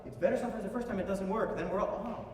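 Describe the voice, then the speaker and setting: A man conductor coaching a singer in a master class, emphatic and animated, often singing phrases to show them. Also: high-pitched, racing, a little hiss or hum. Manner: animated, emphatic, sings and speaks phrases to demonstrate. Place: concert hall. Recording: echoey hall from far off.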